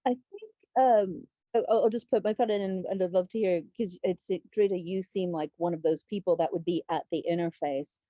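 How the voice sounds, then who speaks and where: A woman's voice: on the low side, fairly quick, warm tone, dry recording, highs cut off. A woman hosting a panel discussion, thinking aloud in a chatty way with restarts. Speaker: panel host.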